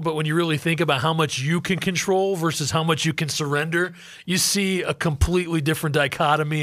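A man hosting a radio interview, asking questions in a measured, conversational way. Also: on the high side, a bit bright, no echo, clean studio sound. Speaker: radio show host.

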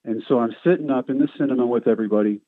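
A middle-aged man, a guest on a radio show, telling stories in a lively, self-mocking way and acting out the voices of the people in them. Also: medium pitch, very fast, dry recording. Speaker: guest, former baseball player. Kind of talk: storytelling interview. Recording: tinny phone line, dry.

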